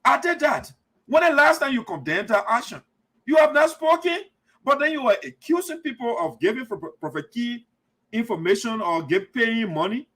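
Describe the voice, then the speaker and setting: A man's voice: extremely high pitch, very animated, normal speed, bright, forceful tone. A man hosting a heated, preachy commentary show, repeating himself and accusing people. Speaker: community radio commentator.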